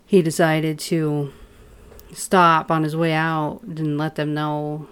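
A woman's voice: deep voice, flat delivery, takes it slowly, clear, resonant tone. A woman co-hosting a podcast, recounting events steadily with small uh fillers in a casual recap. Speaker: podcast co-host.

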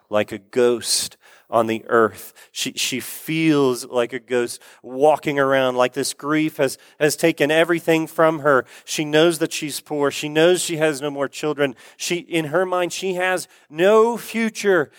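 Smooth-voiced male preacher. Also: fairly high pitch, measured pace, no room sound, clean studio sound. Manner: conversational storytelling, asks the audience questions. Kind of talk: sermon.

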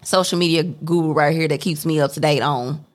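A woman's voice: sits low, steady tone, a little fast. A woman co-hosting a podcast, chatty and enthusiastic about music in casual talk. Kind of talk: casual chat.

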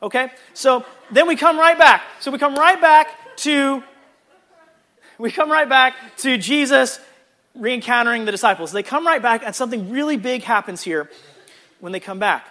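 A man teaching a casual Bible lesson in a chatty, animated way, with jokey asides. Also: extremely high pitch, normal speed.

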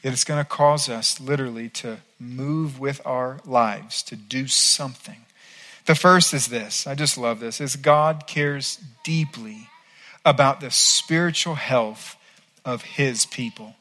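Bright-voiced earnest preacher. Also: male voice, mid-range voice, slow pace. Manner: earnest, emphatic, shifts between soft and loud. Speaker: pastor. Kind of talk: sermon.

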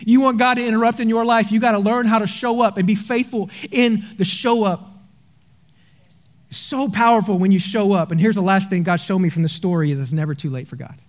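A male pastor delivers a sermon in a strikingly high voice. He tells stories with animated energy and then slows into quiet, earnest appeals. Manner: animated storytelling, drops to quiet earnest tones.

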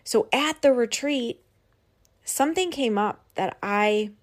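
A young woman hosts her own podcast and talks through a personal story in a casual, candid monologue. Her voice sits a little on the high side. She speaks in an animated way, leans on "like" and drops the odd swear word. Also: slow. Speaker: podcast host and business coach.

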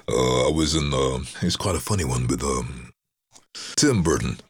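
A man's voice: rumbling low, moderate pace, husky, dry recording, studio quality. A man, a voice-over artist, telling stories in a casual interview with confident energy and acted-out quotes. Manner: confident storyteller who acts out quotes. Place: his home during lockdown.

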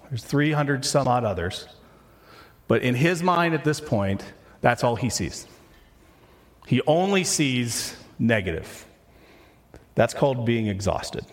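Guy preaching a sermon, goes from big acted-out rants to low quiet bits. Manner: shifts from animated acted-out complaints to a low, hushed delivery. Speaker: pastor.

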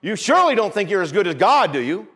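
A man's voice: sits high, sing-song, fast talker, bright, forceful tone, slightly rough. A man preaching a fervent sermon, calling out for amens from the congregation as his voice swells and drops. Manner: fervent, rising and falling preaching with call-outs for amen.

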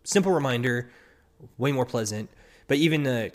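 A man's voice: mid-range voice, moderate pace. Guy rambling thru his solo podcast, lots of restarts, acts out little quotes. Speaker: podcast host. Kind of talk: casual solo podcast talk.

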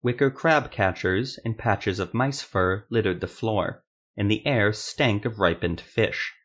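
A man narrating a fantasy story in a steady, measured storytelling manner. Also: lowish voice.

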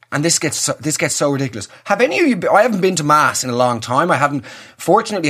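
A man's voice: fairly high pitch, a bit bright, breathy edge. A young Irish man telling a comic story with sweary, exasperated ranting. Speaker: comedian.

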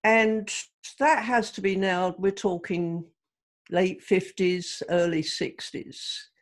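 A woman's voice: medium pitch, steady tone, takes it slowly. An older woman from Ireland with an English accent, a podcast guest telling stories in casual chat. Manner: chatty storyteller, British expressions.

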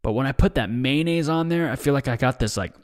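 Rambling quickly through a loose solo podcast monologue, a young male host speaks in an ordinary mid-pitched voice, swearing often and saying "dude" and "bro" in nearly every thought as he drifts between gripes. He uses a desk mic and is seen drinking on video.

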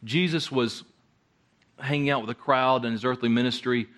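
A man preaching a conversational sermon, often halting and repeating words as he goes. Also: mid-range voice, fairly even intonation, fairly bright tone. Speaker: guest preacher.

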